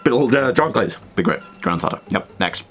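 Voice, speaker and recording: A man's voice: fairly low pitch, animated, normal speed, fairly bright tone. A young man hosting a casual film commentary, rambling and emphatic with frequent self-corrections.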